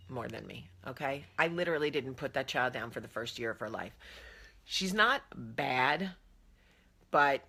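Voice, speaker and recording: A woman in her thirties, a vlog host telling chatty, animated stories about her family. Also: low-pitched. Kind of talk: casual chat.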